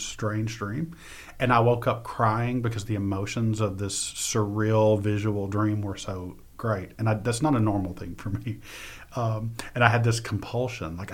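Soft-spoken low-voiced man. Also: level tone, moderate pace. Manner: soft-spoken, trailing off with many ums. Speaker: poet and interview guest. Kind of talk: reading a poem and telling stories.

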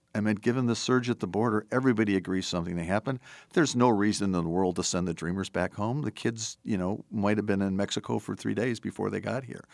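Low gravelly-voiced man, earnest and discursive. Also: no room sound, clean studio sound. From Wisconsin. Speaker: podcast host and former politician. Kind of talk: conversational interview.

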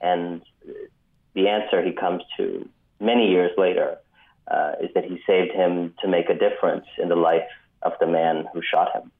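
A man telling a story as an author guest in a radio interview, measured with frequent ums, heard over a phone line. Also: sits low, flat delivery. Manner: measured, many ums, vivid retelling.

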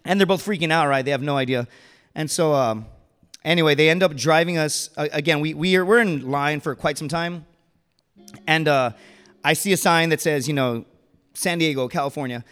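A former Marine telling a casual, animated story at a live storytelling show, acting out the people in it. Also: male voice, a little high, moderate pace, clear, resonant tone, in a large hall. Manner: animated, casual, acts out voices.

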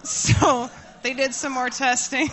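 A woman in her thirties telling a personal story to an audience, candid and self-mocking, laughing often and getting animated as she tells it. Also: high-pitched, slow. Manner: animated, voices rising when furious.

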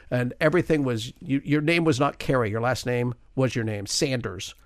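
A man in his sixties with a gravelly, creaky voice at an ordinary pitch. He tells long, meandering stories as a radio guest and fills them with little hesitations. The sound is dry and close. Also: a little fast, hardly any pauses, no echo. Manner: rambling anecdotal storyteller with many fillers. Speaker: interview guest, retired news correspondent. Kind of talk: storytelling in a radio interview.

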